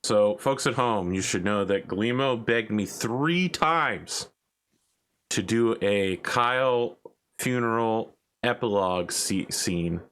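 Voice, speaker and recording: A man with a very deep voice runs a tabletop role-playing game as game master. He keeps a wry, conversational tone as he talks to the players. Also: slow, a bit bright, smooth.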